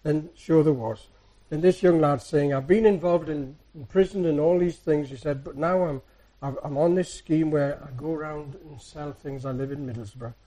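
A soft-spoken man preaching to his congregation in an easy, rambling storytelling way. His voice is husky and mellow, and a little higher than most men's. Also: normal speed, few pauses, poor audio. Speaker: church speaker. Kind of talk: anecdotal sermon.

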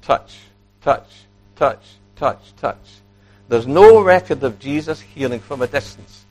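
A man preaching a sermon, animated, acting out quoted speech and putting questions to his listeners. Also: medium pitch, takes it slowly.

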